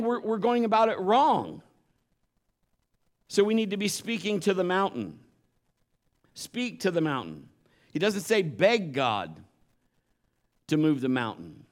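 A man preaching a conversational sermon, earnest and emphatic, weaving scripture together with stories from his own life. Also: high voice. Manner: earnest, emphatic, mixes scripture with personal anecdotes.

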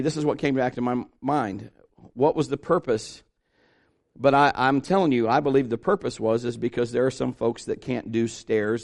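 A man's voice: mid-range voice, a little mellow. A man preaching a conversational sermon, telling homespun stories and asking his listeners rhetorical questions. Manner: folksy storytelling with rhetorical questions.

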